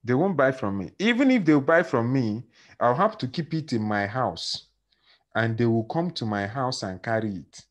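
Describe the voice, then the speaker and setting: Animated Nigerian man lecturing on law. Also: mid-range voice, normal speed. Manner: animated, acts out dialogue and questions students. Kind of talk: classroom lecture with stories.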